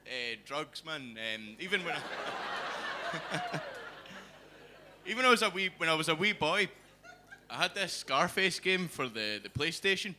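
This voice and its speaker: A young Scottish man doing a stand-up set in a comedy club, with a dry, deadpan delivery into a stage mic. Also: fairly high pitch, normal speed, pauses often, music in the background. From Scotland.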